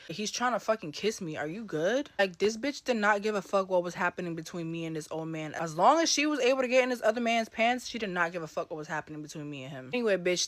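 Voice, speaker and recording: A woman in her twenties telling a story in a blunt, profane, animated rant. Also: fairly low pitch, no room sound. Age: 20s.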